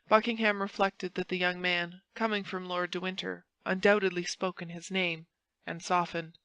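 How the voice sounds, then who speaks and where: A woman's voice: lowish voice, normal speed, no echo, poor audio. Woman narrating an audiobook, dry sound. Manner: dramatic, expressive reading. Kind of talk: scripted narration.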